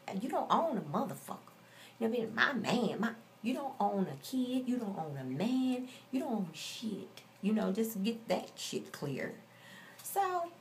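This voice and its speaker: Blunt, profane woman with gravelly voice. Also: medium pitch, slight background noise. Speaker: vlogger. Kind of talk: casual storytelling rant.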